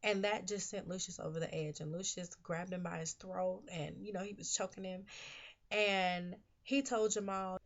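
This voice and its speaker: A fairly low-voiced woman recaps a TV episode in a loose, chatty way. She is outspoken about what she thinks and fills her talk with "you know". The recording sounds dull and lo-fi. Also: fairly even intonation, moderate pace. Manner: chatty, opinionated, heavy use of "you know". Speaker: TV episode reviewer. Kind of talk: casual recap and commentary.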